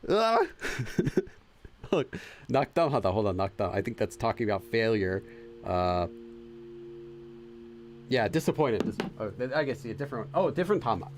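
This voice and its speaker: A man's voice: fairly low pitch, sing-song, fairly quick, long pauses, background noise. A man hosting a casual let's-play, translating game dialogue aloud and laughing as he loses his train of thought. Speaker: gaming channel host.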